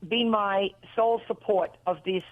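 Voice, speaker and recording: A woman from Australia calling in to a radio show, with a mixed Australian and American accent, talking in a rambling, animated way. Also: medium pitch, moderate pace. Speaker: caller. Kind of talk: casual phone chat. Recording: dull lo-fi phone line.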